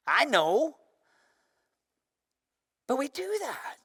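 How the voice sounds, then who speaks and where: A young adult man, a pastor, preaching a sermon in an animated way, swinging from loud bursts down to hushed, quiet lines. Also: extremely high pitch, normal speed, pauses often, no room sound, studio quality.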